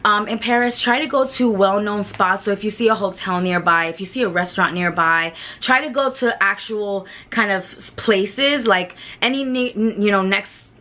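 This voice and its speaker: A woman's voice: medium pitch, moderate pace, few pauses, sharp tone. Frank, chatty woman vlogger. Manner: frank and chatty, with mild swearing. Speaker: travel vlogger. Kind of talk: casual travel tips to camera.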